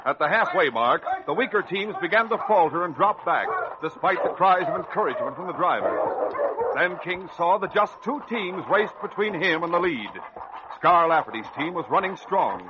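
Brief: male narrator, slightly high voice, vivid storytelling; dull, hissy old radio sound. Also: very animated, normal speed. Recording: dull old radio recording with heavy hiss.

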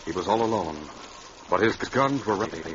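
A man's voice: fairly low pitch, lively intonation. Male radio drama narrator. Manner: measured, dramatic. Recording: dull old radio recording with loud hiss.

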